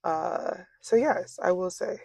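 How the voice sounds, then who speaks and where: A young woman in her twenties, an interview guest speaking casually and reflectively, pausing often with fillers and restarts. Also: fairly low pitch, creaky, a little mellow, dry recording. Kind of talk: casual conversation.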